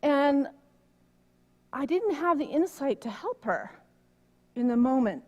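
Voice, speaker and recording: A middle-aged woman minister preaching in a chatty, storytelling way, her voice fairly high and lively. She gets loud and animated as the story builds. A long reverb from the church hall trails behind her. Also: takes it slowly, lo-fi sound. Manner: animated storytelling, rising loud when worked up. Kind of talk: conversational sermon. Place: church sanctuary.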